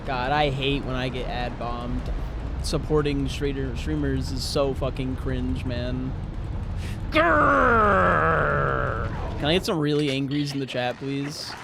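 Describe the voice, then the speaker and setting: A man streaming a video game, rambling and joking with chat and breaking into loud excited outbursts. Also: mid-range voice, moderate pace, noisy background. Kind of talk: casual live-stream chatter.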